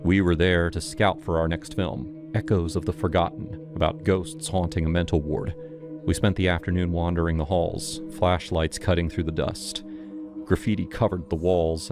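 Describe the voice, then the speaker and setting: Male narrator, very low voice, measured and dramatic first-person horror storytelling over a music bed. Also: gravelly. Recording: music playing behind.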